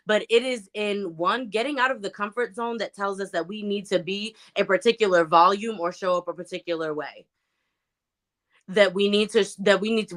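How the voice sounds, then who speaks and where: Animated, bright-voiced woman host. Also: mid-range voice. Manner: animated, emphatic, many fillers. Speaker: podcast host. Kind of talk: casual motivational talk.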